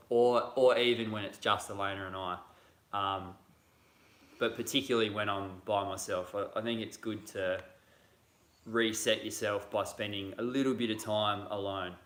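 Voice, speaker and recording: A man co-hosting a casual livestream chat at home, easygoing and thoughtful, pausing to think. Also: lowish voice, fairly bright tone. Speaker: sailing vlogger co-host. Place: indoors at home. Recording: echoey room.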